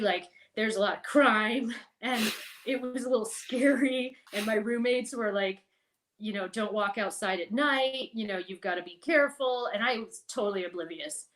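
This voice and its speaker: Middle-aged woman guest, chatty storyteller, medium pitch, loose and animated. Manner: chatty, animated, laughs and swears. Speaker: podcast guest. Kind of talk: casual storytelling.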